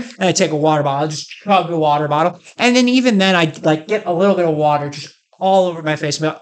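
A man's voice: a little high, quick pace, hardly any pauses. A man doing a rambling comic monologue, joking and sarcastic. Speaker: comedic host.

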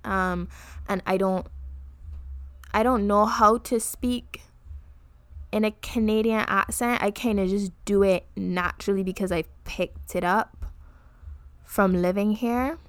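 A young adult woman from the Caribbean co-hosting a podcast, talking in a reflective, earnest way that often pauses mid-thought. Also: mid-range voice, steady tone, no echo. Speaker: podcast co-host. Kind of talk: casual chat.

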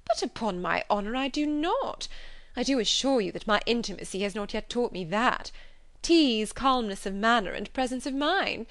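Casting: woman playing a haughty young society lady, arch and pushy, pitched up, close dry read. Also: animated, normal speed, fairly bright tone, dry recording. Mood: indignant. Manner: arch, insistent.

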